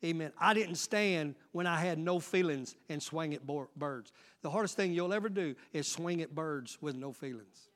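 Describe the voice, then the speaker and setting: Pastor, male, high voice, preaching style that swings from loud exhortation to hushed asides and calls out to the congregation. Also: moderate pace, few pauses. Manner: frequent call-outs to the congregation. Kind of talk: sermon.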